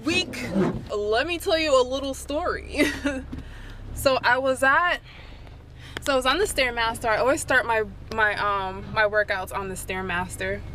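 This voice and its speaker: Young woman vlogger, slightly high voice, chatty and rambling, camera audio with clear road and rain noise behind. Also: measured pace, sharp tone, rough recording. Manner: chatty, rambling storyteller with many fillers. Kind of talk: casual vlog chat. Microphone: handheld compact camera.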